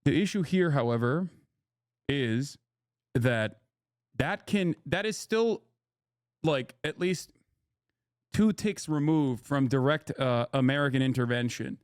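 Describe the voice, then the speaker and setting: A man's voice: mid-range voice, lively intonation, slow pace, pauses often, clear, resonant tone, no echo, studio quality. A man giving casual livestream commentary on news clips, blunt and sarcastic, swearing freely and rambling through restarts. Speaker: streamer reacting to news clips.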